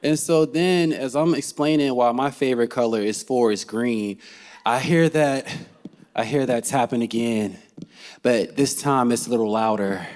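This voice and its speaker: A man telling a funny personal story to a live audience, animated and laughing as he goes. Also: medium pitch, normal speed. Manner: animated and comic, laughing as he tells it. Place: theater stage.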